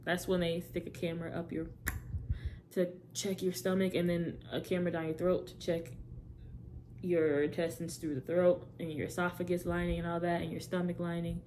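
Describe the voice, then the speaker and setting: Her voice is lowish and a bit mellow, with little pitch movement and a moderate pace. The young woman rambles through her personal testimony straight to camera, often correcting herself, over slight background noise.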